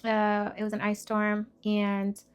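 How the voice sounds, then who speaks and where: A woman's voice: medium pitch, completely flat delivery, takes it slowly, smooth. A young woman telling her own life story with candor and emotion, full of fillers and restarts. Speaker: faith vlogger. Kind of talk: personal testimony.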